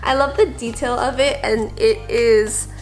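Young woman, vlogger, chatty, gushing, bit high-pitched, soft music behind. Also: fairly even intonation, unhurried. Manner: gushing, chatty, repeats fillers like "like" and "I don't know". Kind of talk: casual vlog chat.

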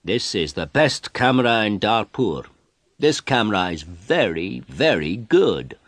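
A man reading a storybook aloud, voicing a proud, brusque middle-aged photographer who talks slowly and emphatically. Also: on the low side, very animated, dry recording, voice pushed up, full character voice. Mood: boastful. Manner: boastful, brusque, slow and emphatic.

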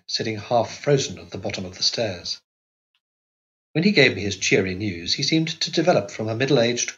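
A man narrating an audiobook in a measured, even reading voice. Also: fairly low pitch, highs cut off. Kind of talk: scripted narration.

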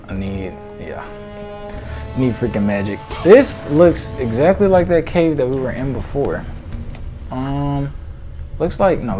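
A young man giving casual, excitable commentary to his viewers while he plays a video game. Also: mid-range voice. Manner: excitable, talks to his viewers, swears mildly. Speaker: gaming video creator. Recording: game music loud behind the voice. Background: game music.

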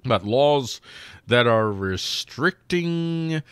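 A man's voice: medium pitch, animated, very slow, a bit bright, clear, resonant tone, no echo, studio quality. Sarcastic man hosting news commentary. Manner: sarcastic, mocks quoted figures in silly put-on voices. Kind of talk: casual political news commentary.

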